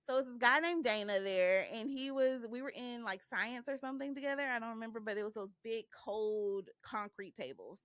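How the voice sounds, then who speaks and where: A woman co-hosting a podcast, telling a story in a casual, animated way and laughing as she goes. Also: a little high, fairly quick, few pauses, no room sound, studio quality. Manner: animated, acts out the people in her stories; laughs through her own story. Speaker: podcast co-host.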